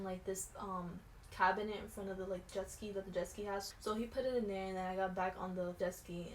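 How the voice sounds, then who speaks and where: A young woman vlogger telling a storytime in casual slangy chat, animated, dropping to hushed tones and rising to shouts. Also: on the high side. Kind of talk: storytime vlog. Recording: echoey room with faint noise.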